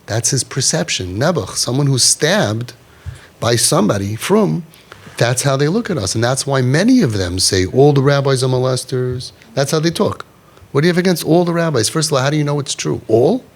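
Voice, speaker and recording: A man's voice: mid-range voice, big pitch swings, brisk, gravelly, husky. A middle-aged man leading a parents' group, talking emphatically and repeating himself, with Yiddish and Hebrew words mixed in. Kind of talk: animated talk to a parents' group.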